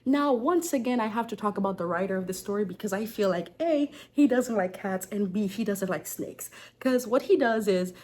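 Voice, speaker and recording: A woman with an accent tells folktales casually, wandering into jokes and side comments. Her pitch sits in a middle range. The delivery is loose and chatty, not a polished reading. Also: expressive, normal speed, few pauses, a little mellow, slight background noise. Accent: non-native English accent. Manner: chatty, digressive, joking. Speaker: folktale storyteller. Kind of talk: casual storytelling with chatty asides.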